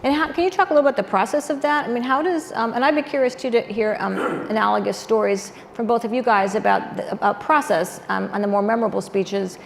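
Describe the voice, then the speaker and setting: Gravelly woman moderating a panel, reverberant hall with a low hum behind. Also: fast talker, hardly any pauses. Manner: conversational, meandering questions. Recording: reverberant hall with faint ambience.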